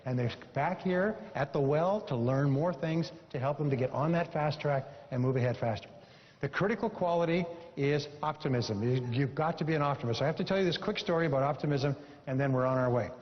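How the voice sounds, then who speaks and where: A man's voice: a little high, brisk, slight background noise. A man giving a live motivational seminar speech to an audience, emphatic and repeating lines for effect, telling a story with animation. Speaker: motivational speaker. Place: seminar hall before an audience. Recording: echoey hall, dull lo-fi sound.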